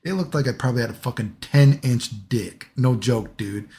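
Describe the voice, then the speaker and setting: Casual young male storyteller, loose and profane, mid-pitched everyday voice. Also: moderate pace, warm tone. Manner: rambling, profane, lots of "right?" and "dude".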